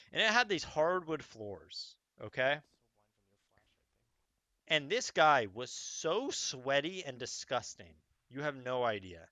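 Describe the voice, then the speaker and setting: A young man telling a long, profane story in casual talk, rambling and animated, often checking in with the listener. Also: medium pitch, no echo. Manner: animated, profane, rambling with frequent "okay?" asides.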